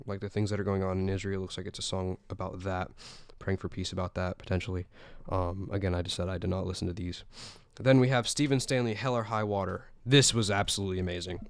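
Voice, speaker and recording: A teenage podcast host from South Carolina rambles happily through a music roundup. His voice is low and smooth with little pitch movement. The sound is dry and close. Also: dry recording. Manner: chatty, rambling, enthusiastic.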